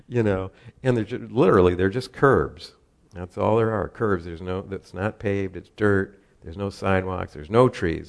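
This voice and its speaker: With a deep, gravelly voice, a Southern California man casually rambles through a personal tale. He chuckles a lot, and his speech is full of fillers and restarts.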